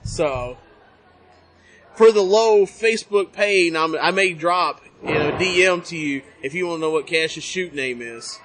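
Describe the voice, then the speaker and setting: A man's voice: a little high, a little slow, fairly bright tone, faint music behind. A man hosting a casual podcast interview at a convention, who hypes up his guest and plugs his show. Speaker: podcast host. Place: busy convention hall.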